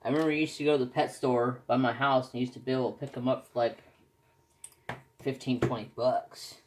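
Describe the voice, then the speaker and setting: A man's voice: medium pitch, little pitch movement, brisk, darkish tone, slight background noise. A man, chatting casually and rambling as he answers questions for his crafting vlog. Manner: rambling, folksy, self-correcting. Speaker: crafting vlogger. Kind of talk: casual chat.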